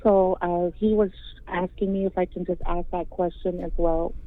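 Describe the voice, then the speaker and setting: A woman's voice: lowish voice, flat delivery, moderate pace. A woman calling into a radio show, polite and apologetic, asking questions in a rambling way. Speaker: caller. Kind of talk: phone-in question. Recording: tinny phone line.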